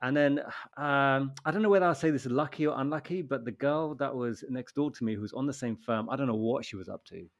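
A man in his thirties hosting a casual chat, telling a story in a relaxed way and acting out the quoted lines. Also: medium pitch, quick pace, few pauses, dull audio. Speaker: podcast host.

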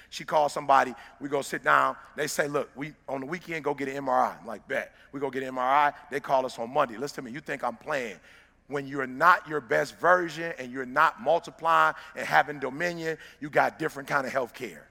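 A man's voice: mid-range voice, fairly even intonation, brisk, creaky, sharp tone. A man who works as a motivational speaker talks straight to a live audience in an emphatic, preacher-like way. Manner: emphatic, preacher-like, direct address to listeners. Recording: long reverb of a large hall.

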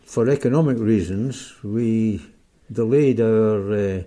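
Older Scottish man, interview guest, low and very mellow voice, blunt. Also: takes it slowly. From Scotland. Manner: blunt, plain-spoken, unsmiling. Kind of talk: casual interview.

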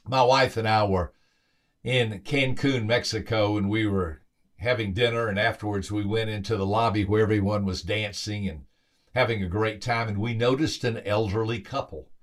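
A man's voice: lowish voice, normal speed. A man hosting a podcast, telling a motivational story with emphatic, repeated phrases. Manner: acts out quoted voices with lively lifts. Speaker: podcast host and motivational speaker.

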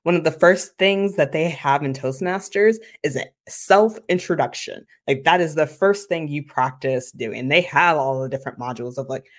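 A woman marketing consultant speaking as a podcast guest, animated and chatty, often dropping "like" into her sentences. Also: low voice, moderate pace, hardly any pauses. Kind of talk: conversational interview.

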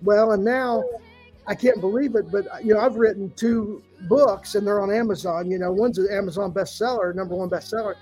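Halting, emotional middle-aged man. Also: high-pitched, fairly even intonation, faint music behind, low-quality recording. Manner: warm storyteller, halting with fillers, tearful at times. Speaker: podcast co-host. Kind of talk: heartfelt podcast tribute.

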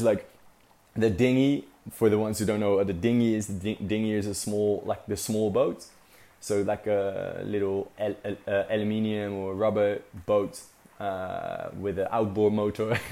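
A man's voice: on the low side, steady tone, moderate pace, mellow. A young man casually telling a story as a vlogger, rambling with lots of fillers and swearing. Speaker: vlogger recounting a sailing trip.

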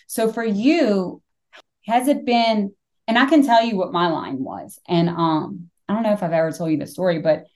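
A middle-aged woman hosting a podcast, telling stories in casual conversation, animated and swearing freely. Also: on the low side. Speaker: podcast host.

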